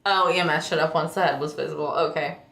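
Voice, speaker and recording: A woman's voice: low voice, fairly even intonation, fast, gravelly, a bit bright. A woman streamer in casual livestream chat, teasing and laughing often. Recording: echoey room.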